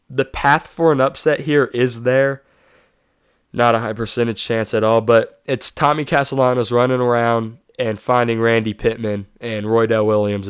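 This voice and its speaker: A man hosts his own sports talk show, running through game predictions in a casual, offhand way. He often catches and corrects himself mid-sentence, and his voice is smooth and resonant. The close, dry recording leaves no room sound. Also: medium pitch, no echo. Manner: casual, self-correcting, hyping players.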